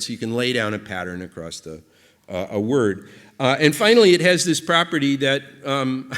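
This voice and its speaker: In a lecture hall with long reverb, a man with a fairly high, slightly bright voice gives an invited academic conference talk. He explains his ideas loosely, thinking aloud with frequent fillers and restarts.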